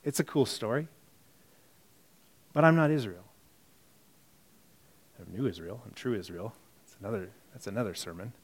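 A man preaching a sermon in a conversational way, reading scripture aloud and moving between quiet, muttered asides and emphatic bursts, often repeating and correcting himself. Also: lowish voice, expressive, moderate pace, long pauses, slightly rough. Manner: self-correcting, repeats words. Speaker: pastor.

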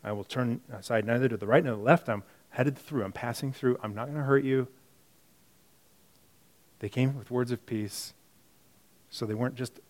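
Reading scripture aloud, a medium-pitched pastor preaches in a conversational style. His delivery moves between muttered asides and emphatic outbursts, and he frequently repeats and corrects himself.

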